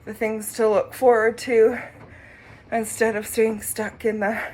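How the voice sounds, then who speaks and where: A woman sharing her recovery in a casual vlog, short of breath as she rides an exercise bike, speaking reflectively with pauses. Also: on the high side, little pitch movement, a little hiss or hum. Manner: slow, reflective, with pauses and soft laughs.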